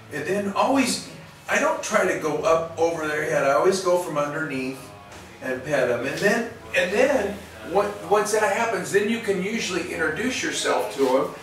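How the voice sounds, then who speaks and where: In a clinic exam room, a veterinarian gives an instructional demonstration in a rambling, folksy manner, often restarting his sentences. His voice is fairly high and fairly bright. The audio is roomy and distant with a little background noise.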